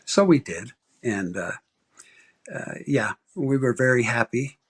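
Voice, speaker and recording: A man in his sixties from Arizona, a guest author telling a personal story in a casual interview, animated and acting out quoted voices. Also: a little slow, slightly rough. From Arizona, USA. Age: 60s. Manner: animated storyteller, acts out quoted voices with big pitch jumps.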